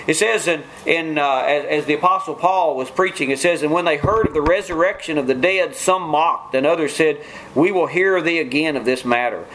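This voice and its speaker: A man's voice: on the high side, moderate pace, fairly bright tone, a little hiss or hum, rough recording. A man preaching a sermon in an earnest way, often restarting phrases and mimicking scoffers. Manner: earnest, repetitive restarts, mock-quotes scoffers.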